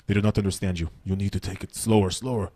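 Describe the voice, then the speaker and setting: A comedian putting on a blunt, commanding Russian gig promoter. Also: male voice, sits low, level tone, mellow, breathy edge, voice pushed down. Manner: slow, commanding.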